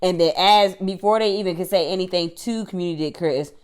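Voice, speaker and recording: A woman's voice: lowish voice, a little fast, clean tone. A woman recapping a TV episode for her channel in a chatty, slangy way, laughing often. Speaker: YouTube TV reviewer.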